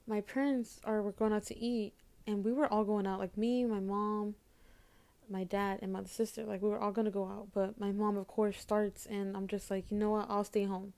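A young woman pours out her frustration in a halting, tearful vlog, stumbling over her words and starting sentences again. Her voice is mellow and soft-edged, held in a flat, narrow melody. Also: medium pitch. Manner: halting, repeats words, close to tears. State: upset, holding back tears. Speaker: vlogger. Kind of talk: emotional personal vent to camera.

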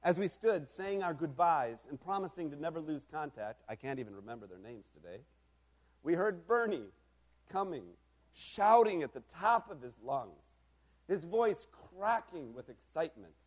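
A man with a high-pitched voice delivers a storytelling sermon. He moves between hushed, reflective passages and loud, emphatic preaching. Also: sing-song, moderate pace.

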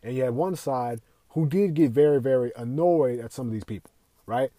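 A man's voice: mid-range voice, moderate pace, mellow, dry recording. A young man ranting as a podcast host, swearing constantly, repeating himself and firing rhetorical questions. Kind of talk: profane opinion rant.

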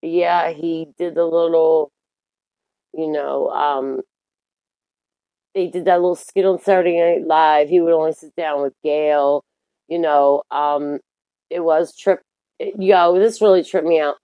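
A woman's voice: low-pitched, fairly even intonation, measured pace, warm tone, no room sound, muffled recording. A young adult woman hosting her own podcast in a candid, profane, rambling monologue full of fillers. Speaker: podcast host.

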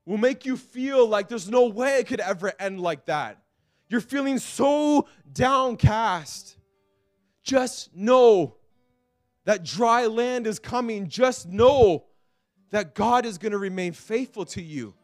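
Pastor guy preaching, high voice, gets fired up, dry close sound, soft music under it. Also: no room sound. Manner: impassioned, rising high and loud when quoting the psalm. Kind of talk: sermon. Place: church.

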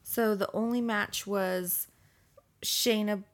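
A woman's voice: mid-range voice, steady tone, slow. A woman co-hosting a podcast in casual chat, laughing often as she talks. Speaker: podcast co-host.

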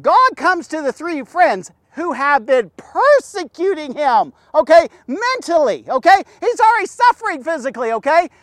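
A man preaching a devotional sermon, emphatic and full of rhetorical questions and "okay?", swinging between loud urging and hushed low talk. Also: sing-song, normal speed, hardly any pauses, no echo, studio quality.

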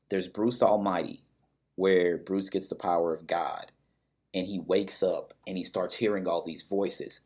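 A man's voice: low voice, a little mellow, breathy edge. A man casually recapping a story and its characters, bluntly and with some swearing, briefly acting out the lines of people in it.

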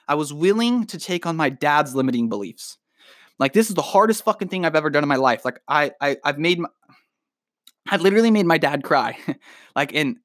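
A young man talks straight at the listener in a swearing, emphatic motivational rant, calling them dude. His voice sits a little higher than most men's. The recording is dry and close, with no room sound. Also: no echo. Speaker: podcast host. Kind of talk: motivational monologue.

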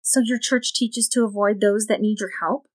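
A woman's voice: mid-range voice, steady tone, normal speed, close to an everyday voice. Woman voicing a defiant teenage girl. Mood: insistent.

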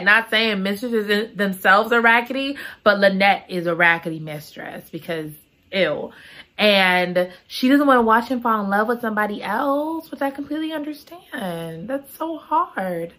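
A woman's voice: fairly high pitch, expressive, moderate pace, pushed and bright. A woman casually recapping a story for her viewers, dramatic and slangy, with sudden exclamations. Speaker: book recap vlogger.

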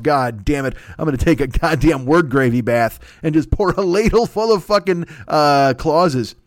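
A man's voice: on the high side, dry recording, clean studio sound. A man in his forties hosting a solo podcast, rambling through profane, self-mocking comic riffs. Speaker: podcast host. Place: at home.

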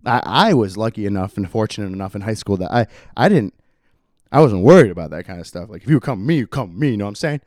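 Young male solo podcast host, low-pitched, dry close sound, laid-back rambling chatter. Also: lively intonation, quick pace, darkish tone, dry recording. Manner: rambling, laid-back, laughs often, says "like" constantly. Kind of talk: solo casual podcast chat.

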